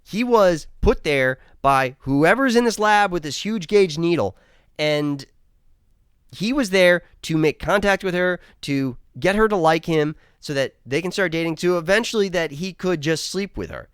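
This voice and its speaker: Man, profane exasperated reviewer, animated delivery. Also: fairly high pitch, a little slow, clear, resonant tone, dry recording, studio quality. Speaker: show reviewer. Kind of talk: casual review rant.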